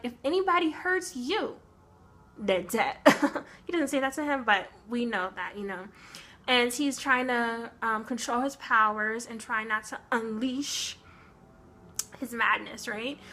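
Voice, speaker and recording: A woman's voice: fairly high pitch, a bit bright. A young woman chatting casually about a book she read, laughing often and acting out bits of dialogue. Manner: chatty, laughs often, slips into acted quotes. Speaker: book reviewer. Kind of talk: casual chat.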